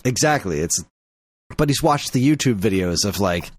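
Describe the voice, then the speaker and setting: A man's voice: lowish voice, lively intonation, normal speed, no room sound. Rambling man telling a podcast story. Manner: rambling, storytelling, laughs often. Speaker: podcast co-host. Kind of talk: casual chat.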